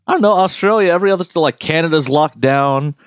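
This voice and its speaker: A man's voice: a little high, quick pace, clear, resonant tone, dry recording, studio quality. A man co-hosting a casual chat, ranting with lots of swearing. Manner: profane, ranting, animated storytelling.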